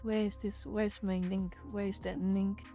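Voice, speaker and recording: A woman's voice: mid-range voice, little pitch movement, a little slow, dark tone, faint music behind. A woman hosting a casual livestream, ranting in exasperation and repeating herself as she talks to her chat. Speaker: livestream host.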